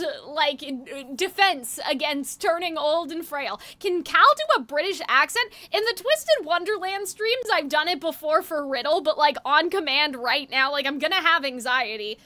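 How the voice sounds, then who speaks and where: A woman's voice: high voice, sharp tone. A young woman streaming a game, chatting in a rambling, casual way. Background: faint game music.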